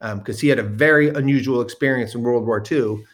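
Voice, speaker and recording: A man telling a self-deprecating story in casual chat, animated and a bit profane. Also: mid-range voice, a little fast. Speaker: guest storyteller.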